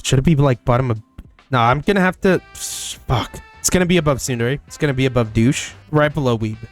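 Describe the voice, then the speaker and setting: Young male gaming host, mid-pitched voice, casual and profane, with faint music underneath. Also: a little fast. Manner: casual and profane, with loud excited bursts. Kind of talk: casual solo commentary.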